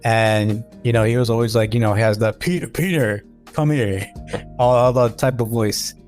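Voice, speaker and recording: A man's voice: on the low side, flat delivery, fairly quick, a little mellow, soft background music. A man on a podcast, telling a story loosely with many fillers and restarts. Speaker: podcast guest. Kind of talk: casual podcast chat.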